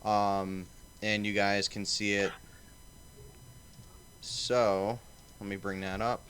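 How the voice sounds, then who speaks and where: A man's voice: on the low side, little pitch movement, slow, a bit bright, clean tone. A man hosting a casual livestream panel, swearing and rambling with lots of fillers. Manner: profane, rambling, filler-heavy. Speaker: stream host.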